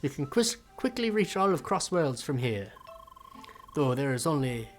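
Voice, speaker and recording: A man's voice: mid-range voice, sing-song, moderate pace, faint music behind. A man casually commenting while streaming a video game, chatty and self-mocking. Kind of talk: casual let's-play commentary.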